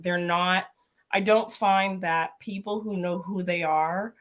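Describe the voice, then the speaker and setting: A woman's voice: mid-range voice, a bit bright. Thoughtful woman podcast co-host. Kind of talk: casual spiritual podcast talk.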